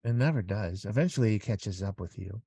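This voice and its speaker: Earnest deep-voiced middle-aged man. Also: lively intonation, brisk, gravelly, dark tone, slightly rough, no echo, clean studio sound. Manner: earnest, rambling, with many restarts. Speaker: interview guest. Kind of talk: casual conversational interview.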